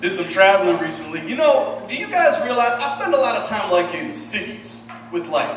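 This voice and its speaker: A man in his thirties from Michigan doing a stand-up set, deadpan and profane with self-deprecating asides. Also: high voice, brisk, slight background noise. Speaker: stand-up comedian. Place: comedy club stage with audience. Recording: roomy distant club recording, loud ambience.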